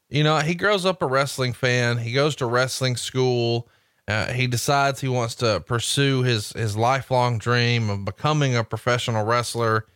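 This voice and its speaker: A man's voice: mid-range voice, fairly bright tone, smooth, no echo. Man, upbeat podcast co-host, promotional, casual. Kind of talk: casual podcast chat with ad reads.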